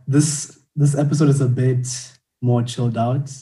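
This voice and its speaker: A man's voice: mid-range voice, steady tone, normal speed, dark tone. A young man hosting a podcast, chatting casually and laughing often. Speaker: podcast host.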